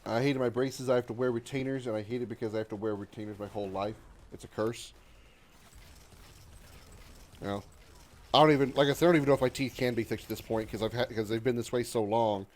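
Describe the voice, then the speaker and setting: A man in his thirties talks to his chat while he plays a video game. He keeps up loose, profane banter and reads viewer comments aloud, full of fillers and quick asides. His voice sits in a middling pitch. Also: steady tone, a little mellow. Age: 30s. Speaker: gaming livestreamer. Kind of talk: casual live-stream chat while gaming.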